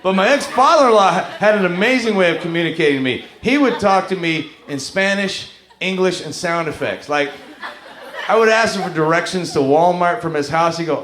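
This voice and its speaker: Lively comedian in a roomy club. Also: male voice, high voice, fairly quick. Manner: animated, breaks into loud singing and character voices. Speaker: stand-up comedian. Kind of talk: stand-up comedy set. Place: comedy club stage with a full house. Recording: roomy club sound with loud music.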